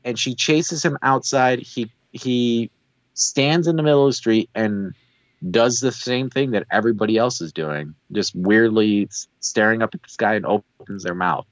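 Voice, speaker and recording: A man's voice: lowish voice, moderate pace, dry recording, highs cut off. A man co-hosting a podcast, animatedly recapping a TV episode and acting out what the characters say. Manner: animated storyteller who acts out quoted lines. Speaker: podcast co-host. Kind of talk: casual chat recapping a TV episode.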